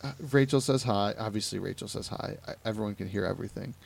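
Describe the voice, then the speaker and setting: A man's voice: lowish voice, fast, creaky, slightly rough, no echo. A young man from Ohio hosting a podcast, telling stories in a casual chat and acting out the people he quotes. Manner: animated storytelling with quoted voices. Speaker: podcast host.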